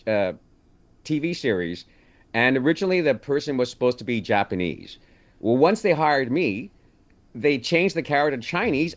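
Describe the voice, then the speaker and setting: Guest actor, male, from Canada; lively pitch, chatty storyteller. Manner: storytelling, animated. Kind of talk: casual interview chat.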